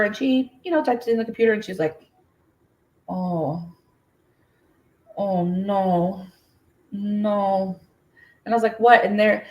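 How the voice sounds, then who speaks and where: Chatty American woman hosting a livestream. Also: mid-range voice. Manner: chatty storyteller, many fillers, greets viewers by name. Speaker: crochet livestream host. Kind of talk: casual livestream chat.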